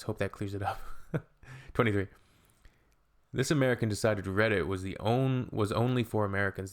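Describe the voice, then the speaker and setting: A man's voice: lowish voice, vocal fry. Sarcastic man reading posts aloud. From Canada. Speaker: reaction video host. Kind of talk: casual reaction commentary.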